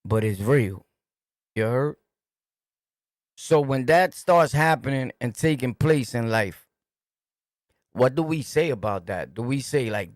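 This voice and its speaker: A man's voice: on the high side, expressive, a little slow, long pauses, no room sound, studio quality. A man with a New York accent hosting a casual commentary stream, talking in a streetwise, repetitive, emphatic way. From New York City. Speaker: host. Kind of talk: casual commentary to a livestream chat.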